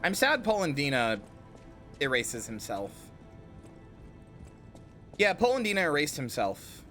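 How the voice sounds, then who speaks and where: A male game streamer chatting casually and playfully with his viewers, rambling from thought to thought. His voice is bright and animated, with a wide swing in pitch, and faint game music plays underneath. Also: a little slow. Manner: playful, rambling, talks to chat. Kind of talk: casual livestream commentary.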